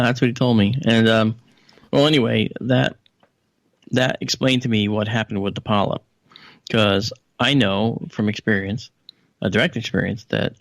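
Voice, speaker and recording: A man with a gravelly, fry-tinged voice tells a story as a radio guest, lifting his pitch whenever he quotes someone else. The sound is dry and close, with no room around it. He talks casually and drifts into fillers and asides. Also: no echo. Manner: conversational with frequent fillers and asides. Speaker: guest analyst. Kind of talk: anecdotal storytelling in a radio interview.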